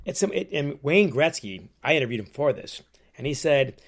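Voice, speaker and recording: Animated male author telling stories. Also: on the high side, moderate pace. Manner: lively storyteller who acts out quotes. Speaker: author and guest. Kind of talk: storytelling interview.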